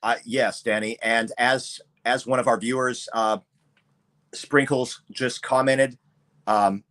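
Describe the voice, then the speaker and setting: A middle-aged man co-hosting a casual true-crime podcast, talking in a measured, opinionated way. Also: mid-range voice, steady tone, a bit bright. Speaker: podcast co-host.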